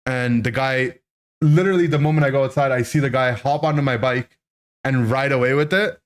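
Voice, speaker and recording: A streamer in his thirties tells his chat a childhood story, speaking fairly quickly at medium pitch. His animated, rambling delivery is full of "right?" and "like."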